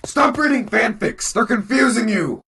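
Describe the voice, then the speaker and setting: A man voicing a hot-tempered animatronic rabbit who swears and shouts threats at a guard. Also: very high-pitched, animated, moderate pace, faint music behind, exaggerated voice, rough recording. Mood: menacing.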